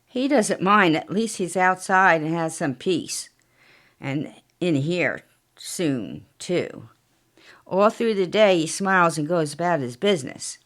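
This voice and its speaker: A woman's voice: on the low side, normal speed, fairly bright tone. Woman narrating a mystery story. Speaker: author and narrator of a story podcast.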